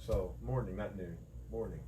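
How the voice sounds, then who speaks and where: A man's voice: low voice, normal speed, mellow, far from the mic, slight background noise, rough recording. A man helping at a live craft stream, making brief, offhand remarks from off camera and reading out viewer comments.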